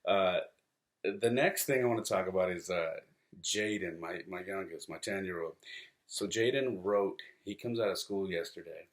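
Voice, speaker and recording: A man's voice: sits low, moderate pace. A man in his thirties hosting a casual podcast, rambling through stories with fillers and restarts and acting out his sons' quoted words. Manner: acts out quoted voices of his sons. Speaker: podcast host. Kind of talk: casual solo podcast talk.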